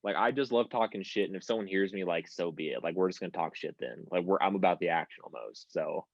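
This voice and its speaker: A man's voice: low voice, fast talker, vocal fry, no room sound, muffled recording. A young American man telling stories on a podcast, rambling and swearing freely. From United States. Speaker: podcast guest. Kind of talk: casual podcast chat.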